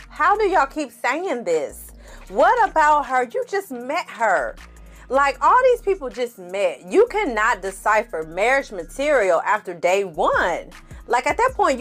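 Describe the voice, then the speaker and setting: A woman talking through a reality TV recap with a lively voice that swings up and down as she reacts. She laughs a lot, swears freely and keeps calling her viewers "honey." Faint music plays under her voice. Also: mid-range voice. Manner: animated, laughs often, profane, addresses viewers as "y'all" and "honey". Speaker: TV recap host.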